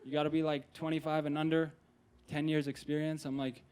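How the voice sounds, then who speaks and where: A young man in his twenties works a comedy club crowd through a stage mic, his voice sitting a little on the high side. He talks in a loose, profane, conversational way, slipping into the voices of the people in his stories. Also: flat delivery, a little fast, a little mellow, clean tone. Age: 20s. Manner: profane, conversational, acts out quoted characters. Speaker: stand-up comedian. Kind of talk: stand-up comedy set.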